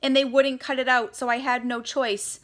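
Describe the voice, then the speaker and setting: A woman's voice: fairly high pitch, moderate pace, close to an everyday voice. Woman doing an eager, spunky little girl. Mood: indignant. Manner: bright, eager, indignant. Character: spirited, chatty young schoolgirl.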